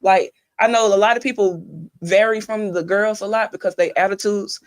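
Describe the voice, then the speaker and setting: A woman's voice: medium pitch, steady tone, normal speed. A young woman mentoring kids, talking earnestly in a casual conversation and telling stories with quoted advice. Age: young adult.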